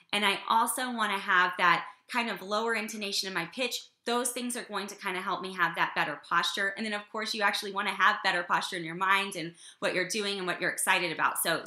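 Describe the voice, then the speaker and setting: A woman giving an energetic business coaching talk to her team, often checking in with "okay?". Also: medium pitch. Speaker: business trainer. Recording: echoey room.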